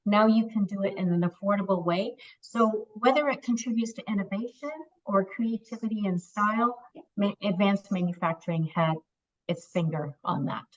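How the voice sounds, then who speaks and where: A woman's voice: medium pitch, moderate pace. Woman panelist on a dull, distant mic. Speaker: industry panelist. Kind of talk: explaining technology.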